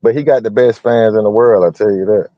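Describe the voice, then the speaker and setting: A man's voice: lowish voice, fast talker, dry recording, dull audio. A man in casual boxing chat, laid-back, slangy and opinionated.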